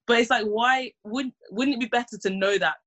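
A woman's voice: on the high side, brisk, fairly bright tone. A young woman, chatting casually and acting out her own reactions. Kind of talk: casual chat.

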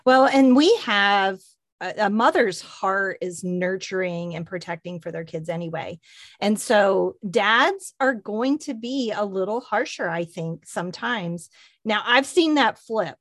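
A woman's voice: mid-range voice, a little slow, no room sound. Woman telling a story on a christian chat show, dry close mic, acts out everyone's lines. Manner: animated storyteller, acts out quoted voices. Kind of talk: casual faith-based chat.

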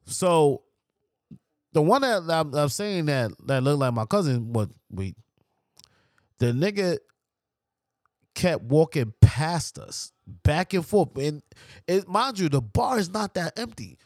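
A New man spins a story in a high, bouncing voice that swings all over the place. He is profane and animated, and he mimics the people in his tale. The sound is dry and close. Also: slow pace, pauses often, dry recording. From New York. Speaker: podcast guest. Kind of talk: casual storytelling.

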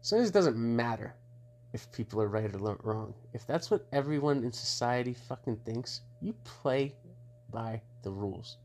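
A man's voice: mid-range voice, expressive, moderate pace, a little mellow. A middle-aged man hosting his own show in a blunt, rambling, profane monologue, laughing between remarks. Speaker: show host.

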